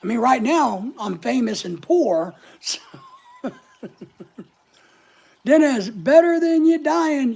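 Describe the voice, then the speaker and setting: A man's voice: very high voice, vocal fry, a little mellow, slightly rough. A man hosting a casual live stream from home, joking with viewers and greeting them by name as he reads their comments.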